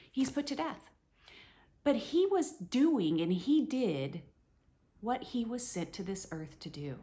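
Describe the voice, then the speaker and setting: A middle-aged woman giving an earnest, animated devotional Bible teaching, with many "you know"s. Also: fairly low pitch.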